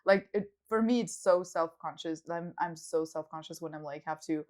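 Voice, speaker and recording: A woman's voice: deep voice, moderate pace, darkish tone. A woman in her thirties from Belgium with a French-speaking Belgian accent, co-hosting a podcast in casual chat, laughing often and using lots of fillers. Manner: laughing, agreeing, filler-heavy. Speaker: podcast co-host.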